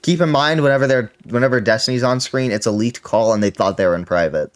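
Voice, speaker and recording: A man's voice: mid-range voice, fast. A man hosting a reaction stream, giving casual, profane commentary that rambles and corrects itself.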